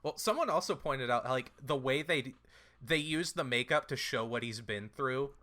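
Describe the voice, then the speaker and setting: A man with a bright, forceful voice casually retells a film's plot as a podcast co-host. He rambles through fillers and slips into playful quoted voices as he goes. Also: medium pitch, expressive, normal speed. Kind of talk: casual movie recap chat.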